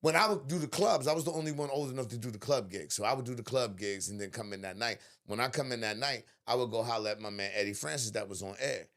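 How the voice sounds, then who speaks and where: A man hosting a podcast, telling a story in casual chat, animated and profane, laughing often. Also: medium pitch, quick pace, hardly any pauses. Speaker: podcast host.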